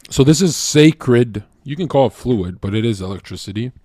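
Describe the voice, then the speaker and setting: A man's voice: medium pitch, expressive, moderate pace, a little mellow, no room sound, clean studio sound. A man streaming to his chat, lecturing in a brash, heated and profane rant.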